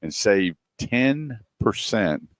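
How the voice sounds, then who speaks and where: Deep-voiced man telling a story. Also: very slow, dry recording, clean studio sound. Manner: animated storyteller, acts out quotes. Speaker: radio show co-host. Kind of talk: casual radio chat and storytelling.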